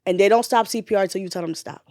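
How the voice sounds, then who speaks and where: A woman's voice: mid-range voice, very fast, dry recording, clean studio sound. A woman, a nurse and bereaved mother, retelling a painful memory in a candid podcast conversation. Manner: candid, swearing, drifts from loud retelling to quiet grief.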